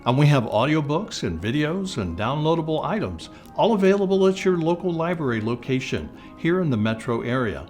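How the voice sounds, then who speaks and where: A man's voice: a little high, very animated, a little fast, hardly any pauses, a little mellow, soft background music. A man reading a rhyming picture book aloud to children in a sing-song way. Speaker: library storyteller.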